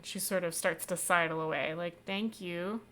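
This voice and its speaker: A woman narrating as game master, relaxed and chatty with lots of fillers. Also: on the low side, moderate pace, slight background noise.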